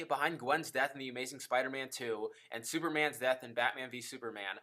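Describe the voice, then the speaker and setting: A man's voice: mid-range voice, a little fast, sharp tone. A man giving a casual, enthusiastic film review, swearing freely and dropping jokey asides.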